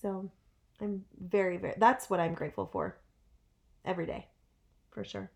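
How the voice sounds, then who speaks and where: A woman's voice: medium pitch, moderate pace, vocal fry, darkish tone. A woman co-hosting a casual podcast, laughing often and chiming in agreeably. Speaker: podcast co-host. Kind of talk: casual chat.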